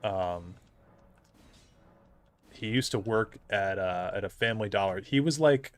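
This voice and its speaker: A young man on a live stream tells a rambling anecdote about an old coworker, laughing often as he goes. His voice is on the low side and unhurried.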